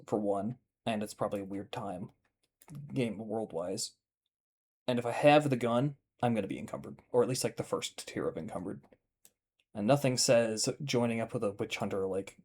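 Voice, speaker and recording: A man's voice: fairly low pitch, a little mellow. A man casually playing a tabletop game, thinking aloud and joking. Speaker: player.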